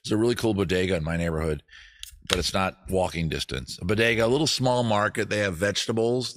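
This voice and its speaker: This is a comedy show host whose voice is low and fairly bright. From his home studio, using a streaming setup with cameras, he rambles through a casual stream, swearing as he bounces between bits and asides.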